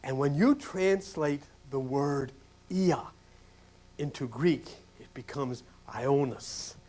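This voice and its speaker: An older male pastor from New Jersey preaching a sermon, swinging from loud, emphatic questions to hushed whispers. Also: medium pitch, animated, slow.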